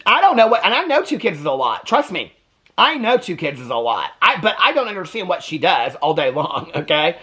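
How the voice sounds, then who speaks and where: Sassy fast-talking man recapping TV. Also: high-pitched, breathy edge. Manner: sassy, animated, keeps adding "okay?". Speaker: TV reaction vlogger. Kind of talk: casual TV recap commentary.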